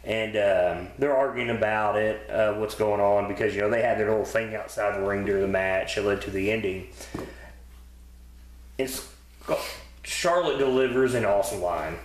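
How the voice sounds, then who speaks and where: Speaking at a normal pace in a fairly low voice, a podcast co-host discusses wrestling episodes in a loose, profane, filler-heavy chat. The room gives the audio an echo.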